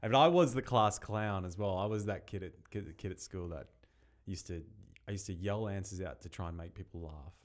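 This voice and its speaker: A man hosts a casual podcast chat in a fairly low voice. He talks in an encouraging way and drops the odd casual swear word. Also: brisk. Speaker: podcast host.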